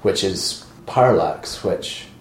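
A man's voice: low-pitched, lively intonation, slow pace, slight background noise. A man hosting a casual film-review chat, joking and laughing often. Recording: echoey room.

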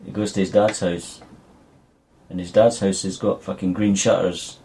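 A man's voice: sits low, little pitch movement, moderate pace, vocal fry, noisy background. A man co-hosting a podcast, chatting casually and mockingly about a film, swearing often. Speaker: podcast co-host. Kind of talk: casual movie review chat.

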